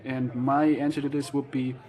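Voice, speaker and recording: A man vlogging casually, reading out viewer questions and answering them frankly, with frequent pauses and fillers. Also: mid-range voice, flat delivery, a little mellow, poor audio. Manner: frank, matter-of-fact, hesitant with fillers. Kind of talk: casual Q&A chat.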